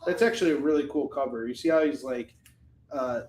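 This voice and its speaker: A man's voice: mid-range voice, brisk, a little mellow, echoey room, poor audio. A man hosting a live comic book sales stream, chatting casually in a rambling, jokey way.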